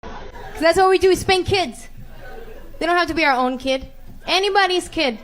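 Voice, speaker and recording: A woman comedian doing a loud, bold, scolding stand-up rant before a live crowd. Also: very high-pitched, normal speed, a little hiss or hum.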